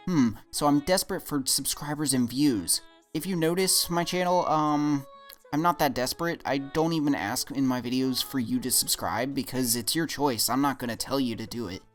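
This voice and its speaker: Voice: medium pitch, normal speed, soft background music. A YouTube commentator answering comments in a vlog, defensive and exasperated, rambling with frequent restarts.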